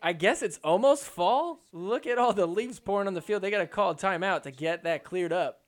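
A man hosting a podcast, recapping match highlights in a joking, excitable commentary style. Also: fairly quick. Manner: excitable, joking, mimics players in quotes.

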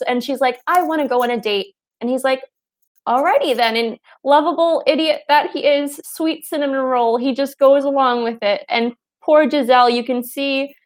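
A woman in casual chat, enthusiastically retelling film scenes and quoting the characters. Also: high voice. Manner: enthusiastic, quotes characters, laughs easily. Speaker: podcast co-host discussing a film.

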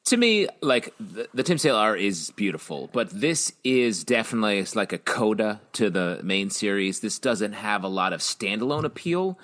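A man's voice: fairly low pitch, very animated, moderate pace, few pauses, fairly bright tone. A man co-hosting a podcast, joking around in casual banter. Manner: jokey, playful banter. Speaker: podcast co-host. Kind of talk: casual chat.

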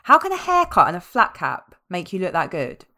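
A woman co-hosting a podcast, relaxed and wry in casual chat. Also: fairly low pitch, fairly quick. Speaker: podcast co-host.

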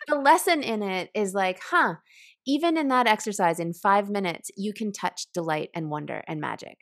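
A woman who teaches writing, explaining a creative exercise in an animated, conversational way and laughing often. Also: medium pitch, normal speed. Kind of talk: conversational podcast interview.

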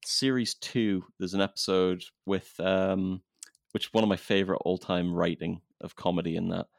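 A man hosting a podcast, talking in a relaxed, rambling way with many restarts. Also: low-pitched, moderate pace, creaky, no echo, clean studio sound. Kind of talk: casual podcast chat.

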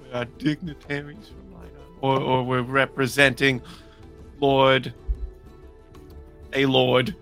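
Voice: mid-range voice, fairly even intonation, a bit bright, soft background music. A player at a tabletop game table, joking and laughing often while planning with friends. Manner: playful, laughing, quick to joke. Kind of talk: casual game table chat.

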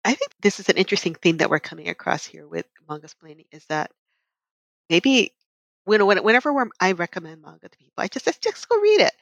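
A woman chatting on a podcast panel, lively and expressive, laughing easily. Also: mid-range voice, quick pace, vocal fry, no room sound, muffled recording. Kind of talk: casual chat.

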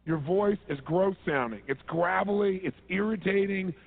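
A man's voice: sits high, normal speed, gravelly, pitched above the performer's own voice. A man voicing a dismissive male talent agent, blunt and sneering. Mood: contemptuous. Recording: tinny phone-like line.

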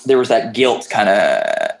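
A man's voice: on the low side, big pitch swings, a little slow, gravelly, faint music behind, rough recording. A man, a podcast guest, telling a long personal story in casual chat, rambling with restarts, fillers and the odd swear word.

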